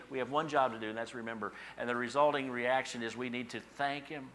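A man preaching a sermon as pastor, swinging between hushed lines and emphatic, repeated phrases. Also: medium pitch, brisk. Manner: repetitive, preacherly cadence.

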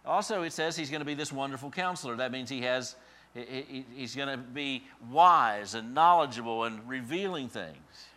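Pastor, male, bright voice, sermon delivery that swells into emphatic repetitions and falls back quiet. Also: medium pitch, moderate pace. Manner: builds to emphatic repeated phrases then drops soft.

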